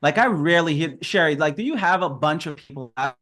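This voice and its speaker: A man's voice: fairly high pitch, lively intonation, fairly quick, a bit bright. A man giving a casual, upbeat sales training talk on a video call, chatty and laughing often.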